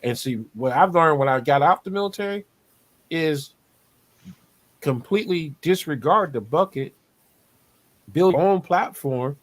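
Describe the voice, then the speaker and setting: A man's voice: on the high side, lively intonation, unhurried, long pauses. A man, talking on a video call as a podcast co-host, preachy and motivational, repeating his points. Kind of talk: casual panel talk over video call.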